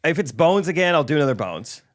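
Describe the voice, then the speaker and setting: A man's voice: a little high, quick pace. Dry-humored male podcast co-host. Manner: dry, deadpan jokes. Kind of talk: casual quiz banter.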